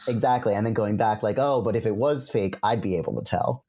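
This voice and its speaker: A young man, a magician guest, chatting casually with lots of filler words and lively quoting of his spectators. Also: on the low side, a little fast, over a noisy crowd. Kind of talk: casual conversation.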